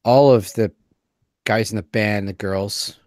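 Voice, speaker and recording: A man's voice: fairly low pitch, fairly even intonation, slow pace, a little mellow, dry recording. A man co-hosting a casual talk show, rambling and hesitant as he thinks aloud. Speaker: podcast co-host. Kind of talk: casual chat.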